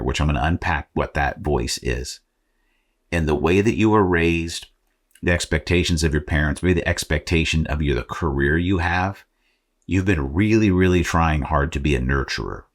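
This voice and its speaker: A man's voice: very deep voice, normal speed. A man from Arizona hosting a motivational faith podcast, talking in a conversational, self-deprecating way with frequent fillers. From Arizona, United States. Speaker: podcast host.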